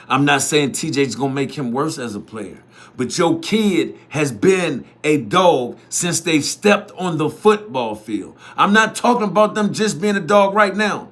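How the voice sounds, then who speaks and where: A man with a fairly high, fairly bright voice hosts youth football media. Speaking directly to his viewers, he delivers a blunt, profane opinion monologue that keeps repeating itself.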